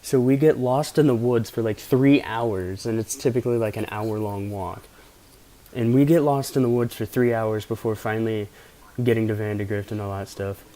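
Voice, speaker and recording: A man's voice: on the low side, steady tone, moderate pace, mellow. Laid-back young man telling stories. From Pennsylvania. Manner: rambling, profane, laid-back anecdotes. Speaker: vlogger. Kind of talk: casual storytelling.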